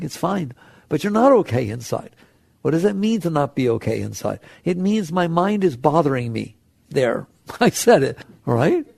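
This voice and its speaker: A man's voice: fairly high pitch, vocal fry, darkish tone, no room sound. A man giving an earnest spiritual talk to an audience, an author and teacher who asks frequent rhetorical questions.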